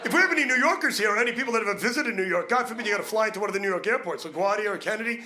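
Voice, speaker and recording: Brash high-voiced stand-up comic. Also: male voice, very fast. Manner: brash, crude, animated punchlines. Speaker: stand-up comedian. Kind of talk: stand-up comedy set.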